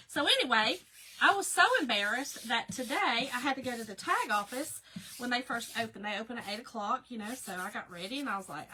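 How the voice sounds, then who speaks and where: A woman's voice: a little high, lively intonation, a little fast, bright, forceful tone, a little hiss or hum, poor audio. A middle-aged woman, chatting casually with viewers while hosting a craft livestream. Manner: chatty, talks to viewers by name. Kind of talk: casual chat.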